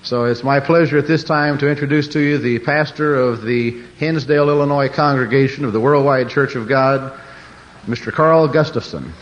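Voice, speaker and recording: A man introduces the next speaker at a conference in a halting way, with pauses and fillers. His voice is mid-pitched. The old archive tape sounds dull and muffled.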